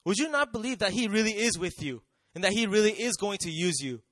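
A man's voice: high voice, animated, fast, a bit bright, no echo. A man preaching a sermon in a conversational way, often asking the audience questions and acting out quotes.

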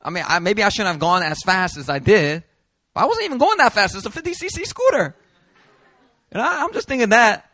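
Animated storytelling man preaching. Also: sits high, brisk, no room sound. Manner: animated storyteller, acts out quotes, laughs while telling. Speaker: pastor. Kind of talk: sermon with storytelling. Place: church hall.

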